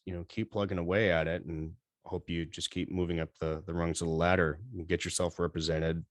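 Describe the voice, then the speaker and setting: Brief: very deep man, panel guest, halting answers, dry room. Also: dry recording. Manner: hesitant, many fillers. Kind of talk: convention panel talk.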